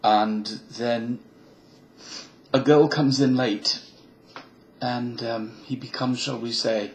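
A man's voice: medium pitch, fairly even intonation, slow, low-quality recording. A man vlogging alone to his webcam, musing in a rambling way and slipping between put-on accents. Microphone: webcam mic.

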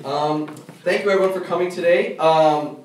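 A young man performing stand-up comedy and emceeing a college show, animated and loud in his bits. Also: fairly high pitch, normal speed. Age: young adult. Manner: animated, shouts during acted-out bits. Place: college comedy club room. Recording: echoey room, mic far off, crowd and noise.

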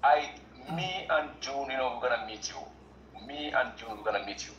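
A man's voice: mid-range voice, expressive, moderate pace, a bit bright, roomy sound, muffled recording, a little hiss or hum. A man from Gambia, a guest on a livestream, speaking earnestly and repeating himself with lots of "you know". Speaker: guest caller. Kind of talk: casual chat.

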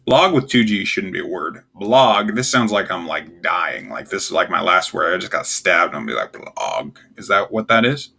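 Gravelly, bright-toned young man ranking words. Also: sits low, big pitch swings, fairly quick, few pauses. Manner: offhand, puzzled, wry asides. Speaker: tier list video host. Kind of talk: casual solo commentary.

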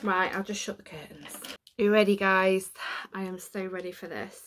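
With slight background noise in her home room, a woman talks through an unboxing vlog at normal speed in a medium-pitched, fairly bright voice. The YouTuber is emotional and tearful yet chatty, laughing at her own expense.

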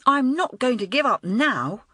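A woman voicing a hot-headed, excitable schoolgirl who talks in an eager, impulsive rush. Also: sits high, a little slow, no room sound, studio quality, voice pushed up, exaggerated voice.

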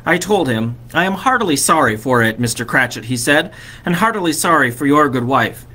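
A man's voice: a little high, animated, a little fast, sharp tone. A man voicing a poor, kindly grieving father, a middle-aged clerk, in a fond storytelling tone.

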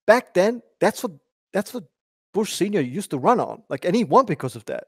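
A man with a somewhat high voice argues his point in a casual podcast chat. He rambles and restarts his sentences. The sound is close and dry, with no room around it. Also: sing-song, moderate pace, breathy edge, no echo. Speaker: podcast guest.

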